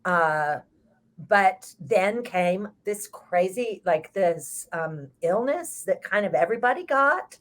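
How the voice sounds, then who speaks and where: A woman's voice: mid-range voice, animated, slow pace. An older woman with a Texas accent, a stage actress telling rambling stories in a casual chat. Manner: chatty, rambling storyteller.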